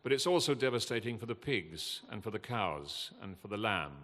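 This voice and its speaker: Older guy, low voice, talking all passionate and earnest, stops and starts a lot, big echoey hall. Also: lively intonation, a bit bright. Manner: impassioned, earnest, halting with many fillers. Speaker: guest speaker at a festival. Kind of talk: emotional public talk. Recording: long hall reverb.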